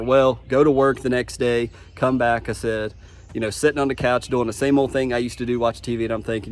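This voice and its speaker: A man's voice: mid-range voice, level tone, fairly quick, a little hiss or hum. A man telling his personal testimony in a vlog, speaking earnestly and from the heart, often restarting his sentences. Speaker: vlogger.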